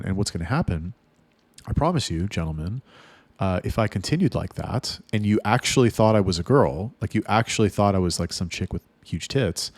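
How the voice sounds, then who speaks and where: A man's voice: sits low, darkish tone, no echo. A man coaching his sales staff in a casual monologue, blunt and profane, rambling with restarts. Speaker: sales trainer for chat staff.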